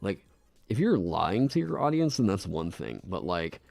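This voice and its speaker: Animated low-voiced man streaming casually. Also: normal speed, vocal fry, no echo. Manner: rambling, laughs often, swears freely. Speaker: streamer designing a game class. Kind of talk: casual live-stream chat. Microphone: desk microphone.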